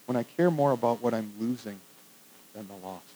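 A pastor preaching a conversational sermon to a congregation, swinging from hushed, soft remarks to loud, emphatic lines. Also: male voice, medium pitch, moderate pace, poor audio. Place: church with congregation.

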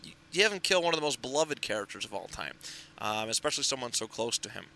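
A man's voice: medium pitch, animated, fast talker, creaky, sharp tone. A man co-hosting a podcast in casual chat, recapping a story in a rambling way, full of fillers and restarts. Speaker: podcast co-host reviewing comics.

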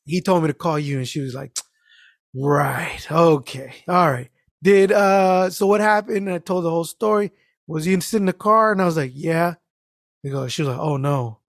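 A man's voice: on the high side, normal speed, no echo. Profane man telling a story, dry mic. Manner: animated, profane, acts out voices. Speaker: guest storyteller. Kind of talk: casual storytelling chat.

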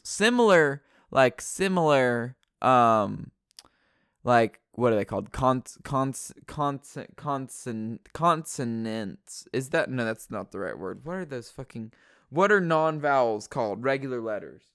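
A man's voice: mid-range voice, a bit bright, clear, resonant tone, no room sound, studio quality. A man hosting a solo podcast from his bedroom, talking in a playful, rambling way and repeating words as he drifts toward and away from the mic. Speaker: podcast host.

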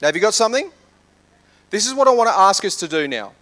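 A man preaching to his congregation, his voice sitting a little high for a man. He urges them on with energy, then drops to a soft hush when he prays. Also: fast. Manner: animated, swings from loud urging to hushed prayer. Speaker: pastor. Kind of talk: sermon.

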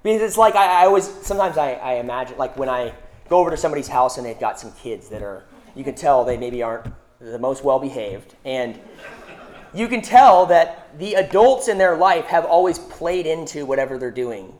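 A young male preacher delivering a sermon in a relaxed, conversational style. He leans on rhetorical questions and casual fillers as he explains a scripture passage. His delivery is informal and unscripted. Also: mid-range voice, brisk.

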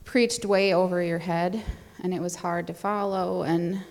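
A woman's voice: lowish voice, fairly even intonation, a little slow, big-room sound. A young adult woman chatting casually as a guest, rambling with fillers and little laughs. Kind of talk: casual conversation.

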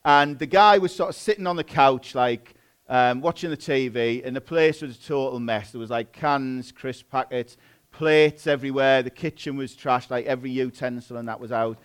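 A man in his thirties preaching a sermon in a relaxed, chatty way, self-deprecating and full of fillers. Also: medium pitch, normal speed, smooth.

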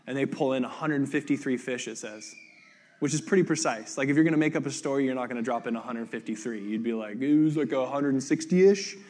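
A male pastor gives a relaxed, chatty sermon, his voice sitting at an ordinary middle pitch. He retells the story in everyday speech, full of "like" fillers, and briefly acts out each character's lines. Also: quick pace. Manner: conversational, acts out quoted voices, many "like" fillers. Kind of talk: casual sermon.

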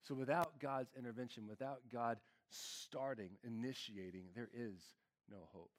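Male lead pastor, conversational sermon, earnest and casual, lots of fillers, mid-pitched voice. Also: moderate pace.

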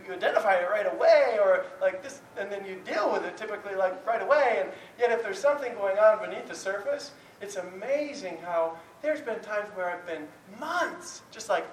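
A man's voice: high-pitched, a bit bright. A man giving a conversational sermon, talking candidly in a rambling way with many restarts. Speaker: speaker giving a talk on prayer. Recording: roomy, distant, faint noise.

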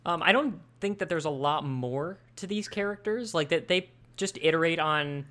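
A man talking casually as a podcast co-host, his voice bright and forceful. He rambles and restarts his thoughts, trailing off and circling back as he talks it through. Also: fairly high pitch, moderate pace. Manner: rambling, restarts often, laughs easily. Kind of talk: casual chat.

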